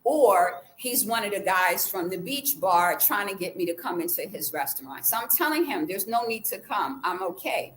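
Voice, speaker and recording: A woman vlogger telling a personal story in a casual way, acting out the quoted dialogue with lively changes of voice. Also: mid-range voice, normal speed, hardly any pauses, a little hiss or hum, poor audio. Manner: animated, acts out the quoted dialogue.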